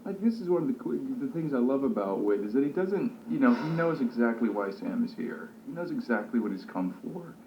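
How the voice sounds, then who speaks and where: A male actor talking about his role in a casual interview, thoughtful and relaxed, with many fillers and restarts. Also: medium pitch, a little fast, few pauses, noisy background. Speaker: actor discussing his character. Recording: slightly dull, roomy recording.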